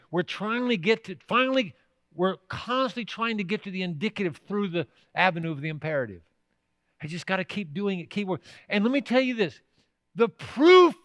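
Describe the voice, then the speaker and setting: A man's voice: high-pitched, bright, forceful tone, no echo, clean studio sound. A man preaching a sermon as pastor, emphatic, often asking the congregation if they are still with him. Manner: emphatic, with rhetorical questions to the congregation.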